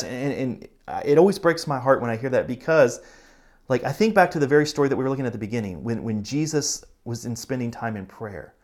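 A man preaching a sermon as a pastor, talking earnestly and conversationally, speeding up and slowing down for emphasis. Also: mid-range voice, lively intonation.

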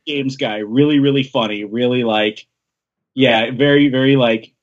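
A man talking casually on a podcast, enthusiastic and quick to laugh. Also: medium pitch, steady tone, lo-fi sound. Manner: enthusiastic, laughs often, acts out lines. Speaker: podcast guest. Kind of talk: casual chat recapping a manga chapter.

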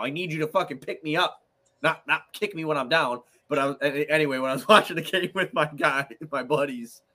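Sports host, male, bright crisp voice, swears freely, self-deprecating. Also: a little high. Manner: profane, self-deprecating, animated venting. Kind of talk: casual sports chat.

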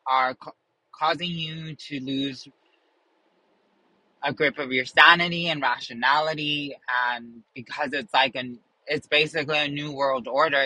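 A man talks in loose, rambling chat, with fillers and restarts and a self-mocking streak. His voice sits a little high and sounds sharp and forward. The sound is dry and close, with no room around it. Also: dry recording, poor audio. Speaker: show reviewer.

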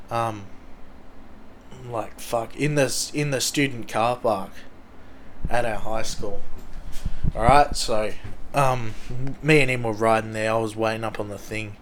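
A man's voice: medium pitch, a bit bright, slight background noise. A young Australian man telling a rambling, swear-heavy story from his school days in a casual way.

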